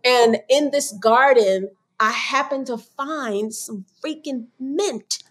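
A woman guest on a podcast tells her stories with animated energy. She speeds up in sudden bursts and then slows down again. Her voice sits somewhat high. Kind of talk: casual interview chat.

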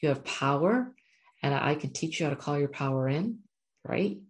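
A woman's voice: low voice, lively intonation, moderate pace. A woman working as a spiritual coach, giving an earnest, repetitive motivational talk to her viewers as she reads oracle cards. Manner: earnest, repetitive, often asks "right?".

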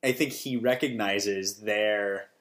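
A man's voice: lowish voice, steady tone, slow, a bit bright. A young man co-hosting a podcast, chatting casually and rambling with many restarts. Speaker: podcast co-host. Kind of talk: casual chat.

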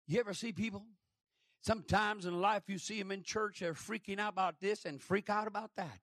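An older man from New Mexico preaching a sermon, with shouted emphasis and frequent calls of amen. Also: high-pitched, fairly quick, no echo, studio quality. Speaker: pastor.

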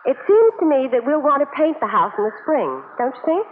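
A dry-witted farm wife, narrating. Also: female voice, sits high, big pitch swings, fairly quick. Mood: tender. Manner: dry, teasing, firm. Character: steady, wry young woman on a frozen farm. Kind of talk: 1940s radio drama acting. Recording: tinny, hissy old radio broadcast.

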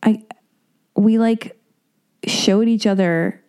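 A woman's voice: medium pitch, fairly even intonation, slow, a little mellow, clear, resonant tone. Rambling, candid woman podcast host. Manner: candid, rambling, self-deprecating. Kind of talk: casual podcast chat.

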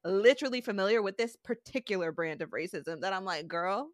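A woman hosting a casual book discussion podcast, chatty and animated, with quick asides. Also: mid-range voice, dry recording, studio quality. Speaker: podcast host.

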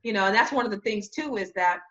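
A woman telling a long story in casual chat, animated, acting out quoted voices and laughing often. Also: medium pitch, fast, highs cut off. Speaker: real estate business owner.

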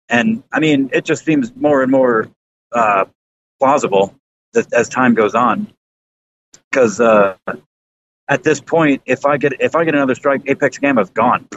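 A man's voice: unhurried, pauses often, a bit bright. Guy from the south rambling on a podcast, lots of uhs and you knows, kinda dull muffled sound. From American South. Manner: rambling, many fillers and restarts, swears casually. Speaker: YouTuber guest. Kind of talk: casual podcast chat. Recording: slightly dull lo-fi sound with faint rumble.

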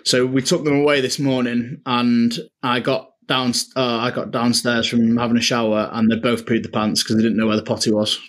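A man's voice: medium pitch, little pitch movement, moderate pace, few pauses, a bit bright. A man, co-hosting a casual podcast chat and telling stories with laughs, calling his co-host mate. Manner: chatty, laughing storyteller, says "mate" a lot.

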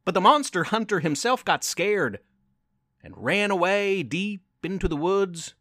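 Lively high-voiced male storyteller, unhurried. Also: dry recording, studio quality. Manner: gentle, encouraging, playful. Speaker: podcast host and storyteller. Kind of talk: scripted storytelling narration.

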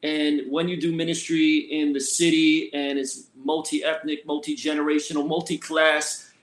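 A middle-aged man from Philadelphia, a senior pastor and guest, telling his story in a relaxed, colloquial way. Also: fairly high pitch, normal speed. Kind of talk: casual conversational storytelling. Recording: roomy echoey sound.

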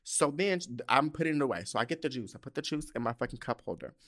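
A man hosting a solo podcast, telling a heated, profane story about fast food with exasperated asides. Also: medium pitch, animated, a bit bright. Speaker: podcast host. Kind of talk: casual solo podcast rant.

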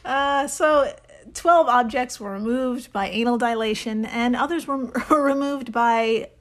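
A woman's voice: fairly high pitch, slow pace. A woman co-hosting a podcast in casual chat, often laughing as she talks. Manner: giggly, laughs often while talking. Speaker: podcast co-host.

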